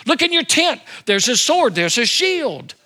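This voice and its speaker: A man's voice: very high-pitched, big pitch swings, unhurried, pushed and bright, pitched above the performer's own voice, exaggerated voice. A man voicing God as an all-knowing male deity in a sermon, speaking in emphatic, incredulous rhetorical questions.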